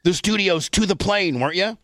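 A middle-aged man, a radio host, telling a story in casual, profane, animated chat. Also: high voice, fairly quick, no room sound.

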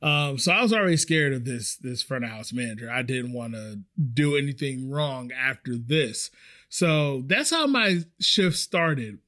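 A young man hosting a podcast, telling a rambling, animated story about a bad work shift, swearing casually as he goes. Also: medium pitch, measured pace. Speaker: podcast host.

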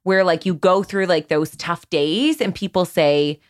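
A woman in her forties, a guest on a podcast, talking candidly and in a lively way about raising her kids. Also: on the low side, a little slow. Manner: candid, animated storytelling with frequent "like". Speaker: podcast guest, parenting platform founder. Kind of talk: casual conversational interview.

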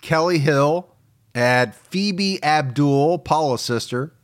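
A man's voice: on the high side, slow. A man hosting a podcast, joking as he reads out supporter names. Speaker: podcast host. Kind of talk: casual podcast chat and read ad.

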